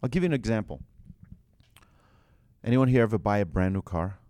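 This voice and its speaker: A man giving an animated religious lesson to a group, asking rhetorical questions and telling anecdotes. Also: on the low side, fairly quick, no room sound.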